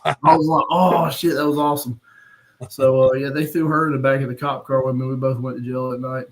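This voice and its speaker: A man with a drawl, recounting an old bar fight on a live stream. He talks bluntly and swears freely, breaking into laughs at his own story. His voice sits at a middle pitch. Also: monotone, fast, slight background noise, poor audio. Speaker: podcast host.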